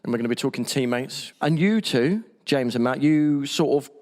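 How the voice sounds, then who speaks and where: A man's voice: mid-range voice, lively intonation, normal speed, darkish tone. A man hosting a podcast, introducing his guests and teasing them in an upbeat way. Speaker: podcast host. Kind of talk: casual chat.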